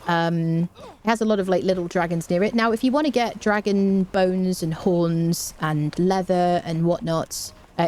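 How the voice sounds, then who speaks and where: A woman's voice: fairly low pitch, darkish tone, slight background noise. A woman hosting a let's play, chatting casually as she plays and humming little tunes between remarks. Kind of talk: casual gameplay commentary.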